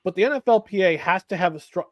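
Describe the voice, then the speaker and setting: A man's voice: high voice, quick pace, dry recording, dull audio. A man co-hosting a live sports talk show, rambling with restarts and reading viewer comments aloud. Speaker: podcast co-host.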